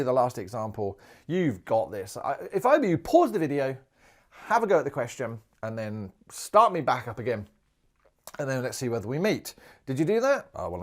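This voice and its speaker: Male maths teacher, animated pitch, playful and talkative, walking through worked examples. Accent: Australian. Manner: chatty and playful, thinks out loud while writing. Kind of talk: video maths lesson.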